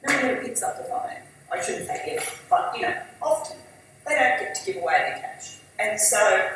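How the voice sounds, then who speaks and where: A woman giving a conversational conference talk as an industry chief executive; she is losing her voice and keeps clearing her throat. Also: high voice, fairly bright tone, heavy reverb, far from the mic, low-quality recording. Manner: conversational, fillers and asides. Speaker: industry body chief executive, guest speaker.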